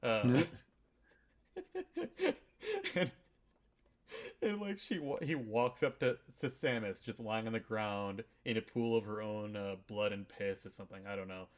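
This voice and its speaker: A podcast host casually recaps a video game's story in a rambling, irreverent way, with lots of swearing and filler words. His voice sits on the low side and he speaks at normal speed.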